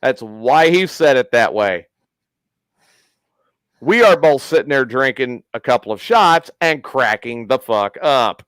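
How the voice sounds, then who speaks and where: A man's voice: medium pitch, expressive, unhurried, a bit bright, smooth, no echo. A man hosting a casual podcast, telling a long profane story and acting out the quotes. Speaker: podcast host.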